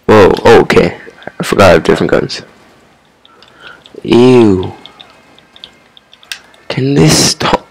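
A man's voice: low-pitched, lively intonation, slow pace, creaky, long pauses, husky, no echo. A young man giving casual commentary on his first game session, repeating himself, swearing at enemies and laughing. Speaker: gamer.

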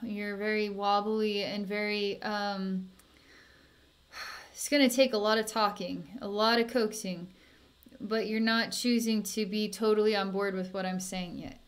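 A woman working as a psychic healer, talking softly and soothingly through an energy healing session, with sighs and small laughs. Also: mid-range voice, steady tone, unhurried.

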